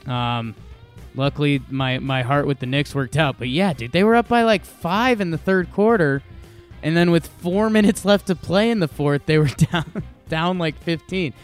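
A man's voice: on the high side, normal speed, clear, resonant tone, faint music behind. A man co-hosting a podcast, chatting casually about sports bets in a rambling, joking way with many restarts. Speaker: podcast co-host making betting picks.

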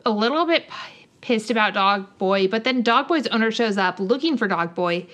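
A woman co-hosting a podcast in casual chat, animatedly retelling a show and acting out the characters' lines. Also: fairly high pitch. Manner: animated, acts out characters' lines in quick voices. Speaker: podcast co-host.

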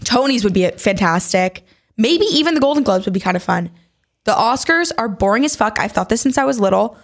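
A young woman co-hosting a podcast, chatting casually and telling animated stories with blunt opinions. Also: medium pitch, a little fast. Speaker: podcast co-host. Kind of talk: casual chat.

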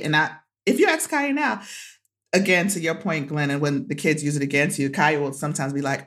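A woman's voice: sits low, lively intonation, brisk, background noise. A woman guest telling a personal story in conversation, emphatic, repeating phrases for stress and laughing often. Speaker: guest, activist and author.

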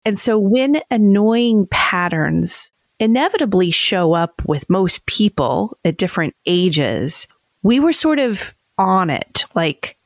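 A woman's voice: medium pitch, big pitch swings, slow pace, no room sound. A woman in her forties co-hosting a podcast, talking reflectively about raising her kids and laughing easily. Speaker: podcast co-host. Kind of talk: casual conversation.

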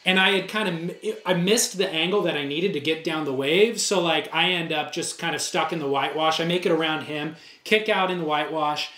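A man with a high voice, chatting casually on a podcast. He tells stories with animation and acts out the other people's lines. The sound bounces around a roomy space. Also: brisk, hardly any pauses. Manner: animated storyteller, acts out dialogue. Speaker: co-host telling a story. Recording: roomy echo.

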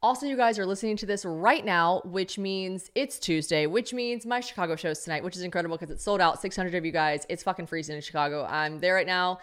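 A woman's voice: lowish voice, fast talker, hardly any pauses, clear, resonant tone. A woman in her thirties hosting a comedy podcast, talking in a brash, joking, profane way. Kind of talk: casual podcast chat.

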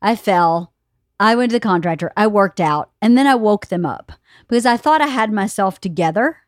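A woman's voice: medium pitch, moderate pace, no echo, clean studio sound. Chatty woman in her fifties hosting. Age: 50s. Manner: animated storyteller, laughs often, quotes others. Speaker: podcast host. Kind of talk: casual chat.

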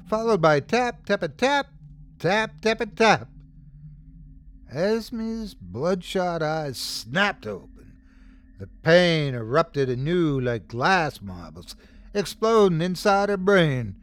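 A man narrating a scary story as host, dramatic, swelling and dropping for suspense. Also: fairly high pitch. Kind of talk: scripted horror story narration.

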